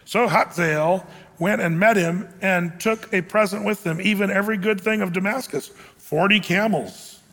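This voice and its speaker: A man's voice: sits high, normal speed, long reverb tail. A man preaching a sermon, reading scripture aloud and breaking in with joking asides and acted-out voices. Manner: animated, jokey asides, acts out quoted voices. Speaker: pastor.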